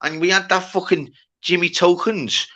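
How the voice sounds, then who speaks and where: A man's voice: sits high, steady tone, normal speed, sharp tone, muffled recording. A man with a Liverpool accent hosting a live panel, telling rambling, sweary stories with lots of fillers. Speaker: livestream host. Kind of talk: casual panel chat.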